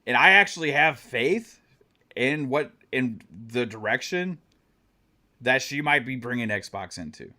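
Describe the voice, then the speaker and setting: A man's voice: mid-range voice, lively intonation, a little slow, pushed and bright. A man hosting a gaming channel, giving live-stream commentary in an impassioned, profane rant aimed straight at his viewers. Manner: talks straight to the audience.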